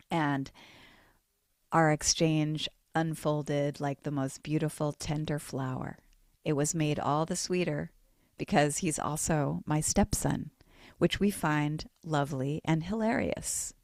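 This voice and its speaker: A woman hosting a podcast interview, speaking in an effusive, gently enthusiastic way. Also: low-pitched, dry recording, studio quality. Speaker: podcast host.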